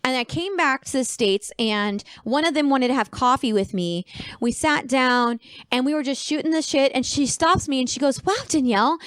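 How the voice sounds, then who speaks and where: A woman with a slightly high voice tells a personal story on a podcast in a casual, chatty way. She jumps into lively voices when she quotes her friends. The sound is dry and close. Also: moderate pace, clear, resonant tone, dry recording. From Arizona. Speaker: podcast guest.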